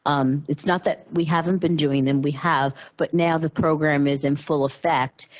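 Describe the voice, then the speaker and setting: A woman's voice: deep voice, steady tone, moderate pace. A woman official at a borough council meeting who answers questions in a formal, reassuring way and often restarts her sentences.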